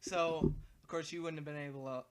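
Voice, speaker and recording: A man co-hosting a podcast in casual chat, excitable and jokey, laughing often. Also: a little high, fairly quick, background noise. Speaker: podcast co-host.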